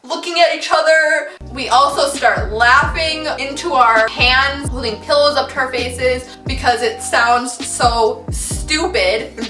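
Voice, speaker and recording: Bright, giggly young woman telling a story. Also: high voice, roomy sound, recorded from a distance. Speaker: vlogger. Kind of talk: storytime vlog.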